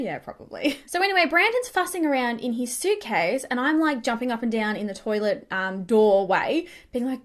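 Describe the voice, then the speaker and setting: A young woman chatting excitedly while doing her makeup, rambling quickly through a story with lots of fillers. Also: fairly high pitch. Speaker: beauty vlogger. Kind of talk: get-ready-with-me storytelling chat.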